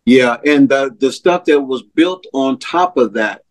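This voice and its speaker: Slow, earnest man sharing testimony. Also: mid-range voice, lively intonation. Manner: earnest storyteller, slow and heartfelt. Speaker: interview guest, ministry co-founder. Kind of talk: emotional personal testimony.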